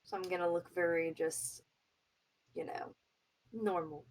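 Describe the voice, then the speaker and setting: Lowish voiced woman gamer, slow talker, bit far from the mic. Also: steady tone, a little mellow. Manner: unhurried, many fillers. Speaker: player. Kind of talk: describing player actions.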